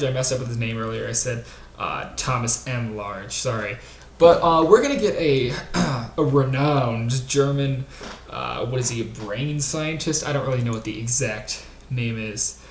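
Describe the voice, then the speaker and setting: A man's voice: medium pitch, unhurried. A man hosting a comedic conspiracy stream, brash, rambling and profane, talking into a desktop mic. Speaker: stream host. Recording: roomy with faint hiss.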